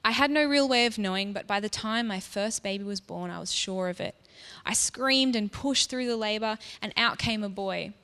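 Woman telling a soft first-person story, long reverb. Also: mid-range voice, moderate pace, hardly any pauses. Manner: soft, reflective, intimate.

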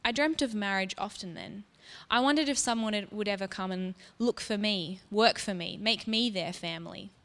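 A woman telling a story in the first person, soft and reflective, as if confiding in the listener. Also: mid-range voice, moderate pace, few pauses. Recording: long reverb.

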